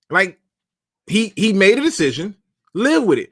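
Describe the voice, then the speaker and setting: Chatty sports live-stream host, dry close mic. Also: male voice, high-pitched, very animated, normal speed, long pauses, dry recording. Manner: conversational, repeats himself, uses slang. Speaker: podcast host.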